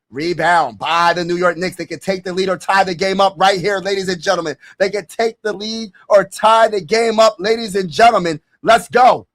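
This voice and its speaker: A man with a high voice calls a basketball game play by play on a live stream. He talks loose and slangy, urging his viewers along and breaking into excited shouts when a big play lands. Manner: casual slangy talk. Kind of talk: live play-by-play commentary with reactions.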